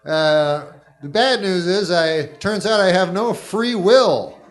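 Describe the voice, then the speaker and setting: Deadpan rambling stand-up comedian man. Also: high voice, slow. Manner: deadpan, rambling, folksy asides. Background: audience laughter.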